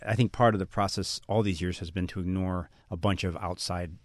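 Low-voiced man, quick and musing. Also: steady tone, no room sound. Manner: self-deprecating, musing, many restarts. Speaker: guest author. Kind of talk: radio interview.

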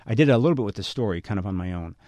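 A middle-aged man with a low voice talks fast in a radio interview. He muses and runs himself down, restarting his sentences as he thinks. His voice sounds dry and close to the mic. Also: animated, dark tone, dry recording. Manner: self-deprecating, musing, many restarts. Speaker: guest author.

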